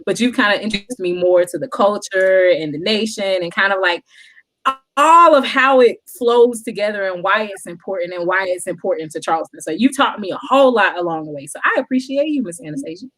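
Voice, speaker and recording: A woman's voice: medium pitch, lively intonation, fairly quick, a bit bright. A woman from South Carolina, a guest telling stories in a casual chat and laughing often.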